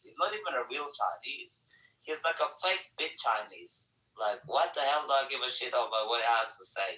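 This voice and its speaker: Guy yelling insults in a voice chat, bright sharp tone, sounds far from the mic. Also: medium pitch, animated, normal speed, reverberant, dull audio. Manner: aggressive, insulting, repetitive taunting. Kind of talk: heated argument in an online voice chat.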